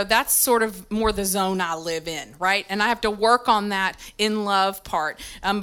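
A woman's voice: on the high side, smooth. A woman pastor preaching to a congregation, telling a candid story about herself with frequent ums. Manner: lively, self-deprecating storytelling with many ums. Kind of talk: sermon. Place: church service. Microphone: handheld or stage mic with feedback when moving.

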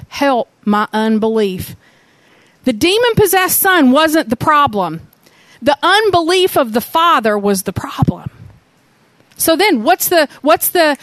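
A woman preaching a sermon, telling the story in an animated way and asking many rhetorical questions. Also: high-pitched, no room sound.

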